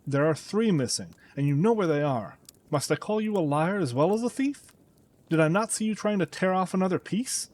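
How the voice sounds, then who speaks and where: A man's voice: high-pitched, expressive, fairly quick, pitched above the performer's own voice. A man voicing an older male banker, a distraught father angrily accusing his son. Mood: furious. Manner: angry, shouting accusations. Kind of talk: audiobook character reading.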